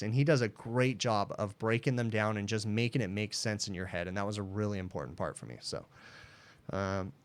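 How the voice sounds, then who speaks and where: Man hosting a livestream, chatty storyteller, low pitch, smooth clear voice, dry close sound. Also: dry recording. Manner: chatty, storytelling, laid-back with fillers. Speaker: livestream host, HVAC technician.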